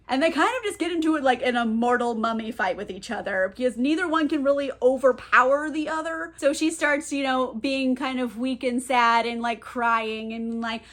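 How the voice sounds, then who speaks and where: A woman's voice: fairly high pitch, fairly bright tone. A woman recapping a novel in a casual, chatty, irreverent way, full of "like"s. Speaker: book reviewer.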